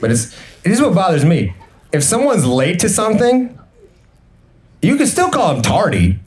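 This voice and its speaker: A young man doing an energetic, absurd stand-up set in a comedy club, slipping into put-on voices for the people he quotes. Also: high voice, moderate pace, noisy background. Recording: live club set with a laughing crowd.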